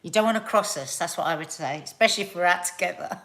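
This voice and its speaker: Chatty South Londoner rambling on a live stream. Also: female voice, lowish voice, fast talker, gravelly. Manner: chatty, rambling, animated storytelling. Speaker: live show host. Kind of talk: casual live-stream chat.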